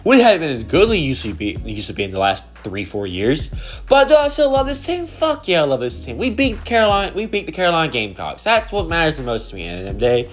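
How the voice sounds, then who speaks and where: A man's voice: on the high side, wildly swooping pitch, fast talker, soft background music. A man ranting to camera about wrestling, profane, exasperated and emphatic. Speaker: wrestling commentary video creator. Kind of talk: opinionated rant to camera.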